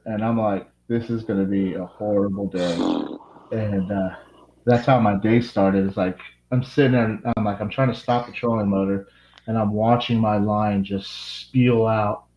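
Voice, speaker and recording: Man, casual rambling storyteller, lowish voice; echoey lo-fi room sound. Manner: rambling, lots of "like". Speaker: tournament angler interviewee.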